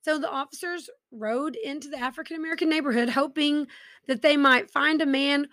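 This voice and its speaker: A woman hosts a true-crime podcast, telling the story casually. She drops in personal asides. Her voice is bright and crisp. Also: sits high, fairly quick, no echo, studio quality. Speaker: podcast host.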